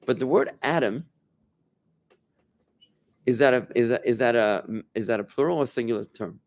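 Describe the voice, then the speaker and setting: A man's voice: mid-range voice, expressive, normal speed, gravelly, a little mellow. Rabbi guy teaching a small class, chatty, keeps asking the room stuff, restarts his sentences a lot. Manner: conversational, asks the room questions, many restarts. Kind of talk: informal Torah class.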